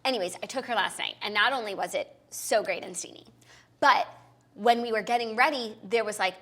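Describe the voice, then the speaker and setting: A woman's voice: medium pitch, brisk, sharp tone, slight background noise. A woman co-hosting a podcast, trading playful banter in casual chat. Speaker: podcast co-host.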